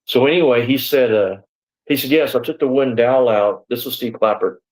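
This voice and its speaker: A former deputy in his sixties tells his story in a live interview, rambling a little, leaning on "you know" and "man," and acting out the back-and-forth of the people he quotes. His medium-pitched voice is brisk with a darkish tone, on a low-quality recording.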